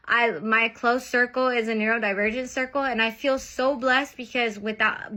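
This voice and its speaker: A woman's voice: on the high side, sharp tone. A young adult woman talking casually to camera in a reaction vlog, earnest and chatty, often stopping on filler phrases. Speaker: content creator.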